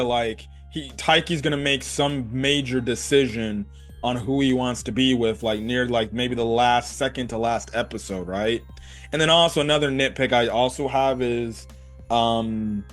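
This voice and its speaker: A man chatting casually as he reviews an episode, rambling and animated, filling his talk with "like" and "you know". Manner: animated, jumps between high and low pitch. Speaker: anime reviewer.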